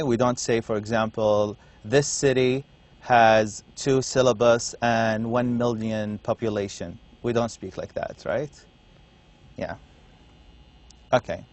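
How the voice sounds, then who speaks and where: Male lecturer, middle pitch, unhurried classroom delivery that keeps checking understanding. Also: dry recording. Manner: explains slowly, checks in with "okay?" often. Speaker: university lecturer.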